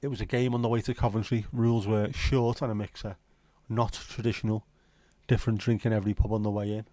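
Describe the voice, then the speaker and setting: A man's voice: lowish voice, flat delivery, quick pace, mellow, no room sound. A man in his fifties hosting a livestream, chatting in laid-back banter with dry jokes and the odd swear. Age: 50s. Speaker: livestream host. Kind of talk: casual chat.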